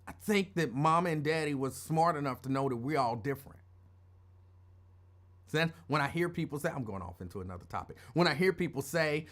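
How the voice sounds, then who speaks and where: A man's voice: on the high side, animated, brisk, a bit bright. Middle-aged man rambling through a story. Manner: rambling, digressive, conversational. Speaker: radio show host. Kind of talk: casual personal storytelling.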